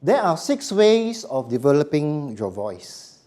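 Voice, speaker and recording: A man giving a voice workshop to a live audience, speaking slowly and emphatically and letting his phrases drop quietly at the end. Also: fairly high pitch, big pitch swings. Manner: slow, emphatic, dropping to quiet endings. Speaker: voice coach.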